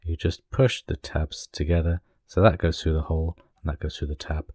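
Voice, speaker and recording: Man, low voice, dry close sound, chatty hobbyist doing a kit build tutorial. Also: flat delivery, normal speed, warm tone, slightly rough, no room sound. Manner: chatty, apologetic asides while working. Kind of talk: casual step-by-step build tutorial.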